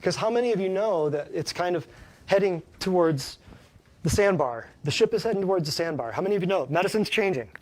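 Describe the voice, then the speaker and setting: A man's voice: sits high, animated, brisk. Folksy chiropractor man lecturing an audience. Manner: folksy, emphatic, asks the audience questions. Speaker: chiropractor giving a health talk. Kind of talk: live talk to a small audience.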